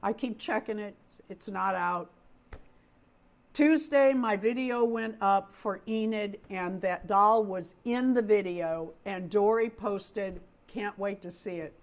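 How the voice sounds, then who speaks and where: A woman's voice: medium pitch, slow pace. A middle-aged woman hosting a casual livestream, talking through a story with plenty of feeling. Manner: chatty storyteller, talks with feeling. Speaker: host of a doll livestream.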